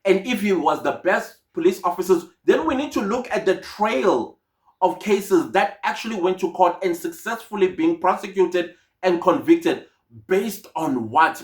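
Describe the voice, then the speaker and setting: Indignant South African man, roomy echo. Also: on the high side. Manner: indignant, outspoken, mixes in Zulu phrases. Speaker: commentator on a court case. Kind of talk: casual spoken commentary. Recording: echoey room.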